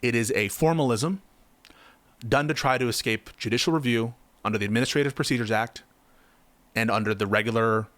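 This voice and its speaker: A man's voice: medium pitch, brisk, long pauses, fairly bright tone, dry recording. A man giving impassioned political commentary, heated and sarcastic, firing off rhetorical questions.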